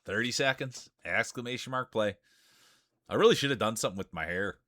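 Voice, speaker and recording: A man's voice: fairly low pitch, a little fast, a bit bright. A man with a Canadian accent, streaming and calling a marble race in a playful, hyped sportscaster manner. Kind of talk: mock race commentary.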